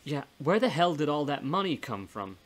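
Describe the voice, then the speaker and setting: A man voicing a brooding, weary man who has lost his sight, talking in a halting, earnest way in a storybook reading. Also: medium pitch, a bit bright, close to an everyday voice. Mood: rueful. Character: brooding blinded man, weary, self-pitying.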